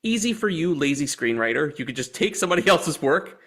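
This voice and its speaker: A man's voice: fairly high pitch, big pitch swings, brisk, a bit bright. A young man co-hosting a movie review show, ranting in casual, profane, exasperated chat. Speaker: co-host.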